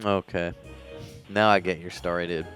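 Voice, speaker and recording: A man's voice: sits low, level tone, moderate pace, a bit bright, soft background music. A man co-hosting a stream, chatting casually and joking in a rambling way. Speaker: streamer co-host. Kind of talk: casual chat.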